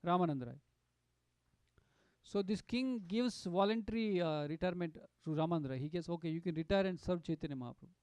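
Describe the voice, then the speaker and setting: A man giving a devotional storytelling talk at a satsang, animated and full of fillers and restarts. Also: high-pitched, a little fast, clean tone, no room sound. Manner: animated, acts out quotes, many fillers and restarts. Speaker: satsang speaker.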